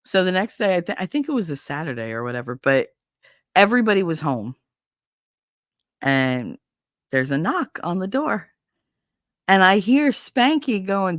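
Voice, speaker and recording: A middle-aged woman hosting a casual show, telling a story in a lively way, with plenty of swearing, and putting on the voices of the people in it. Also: on the low side, moderate pace, no room sound, studio quality. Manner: animated, swearing, acts out voices in retelling. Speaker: host.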